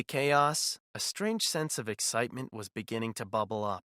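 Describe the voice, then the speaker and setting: A man narrating an animated story in a wry, sardonic first-person voice. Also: mid-range voice, moderate pace, few pauses, no echo, studio quality.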